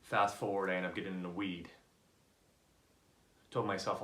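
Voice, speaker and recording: A man's voice: low voice, normal speed, reverberant. A man giving a personal motivational talk, earnest and candid, telling stories from his own life. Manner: earnest storytelling, animated when voicing others. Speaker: motivational speaker.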